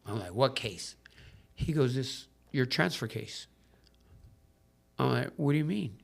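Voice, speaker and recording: Animated man telling a recovery story. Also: mid-range voice, measured pace, vocal fry. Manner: animated, swears freely, acts out dialogue. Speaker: podcast guest in recovery. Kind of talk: casual storytelling.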